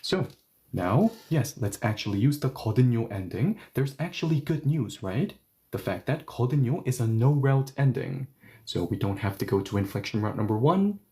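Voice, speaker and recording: Mellow-voiced man teaching grammar. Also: mid-range voice, very animated. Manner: patient step-by-step explaining, repeating example sentences slowly. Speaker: Korean language teacher. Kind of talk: online grammar lesson.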